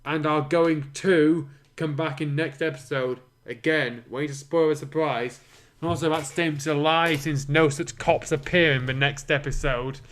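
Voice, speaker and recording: A man's voice: fairly high pitch, fairly even intonation, moderate pace, few pauses, a bit bright. Dry, mocking man reading a fan story. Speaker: reader and commentator. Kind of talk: sarcastic fanfic reading.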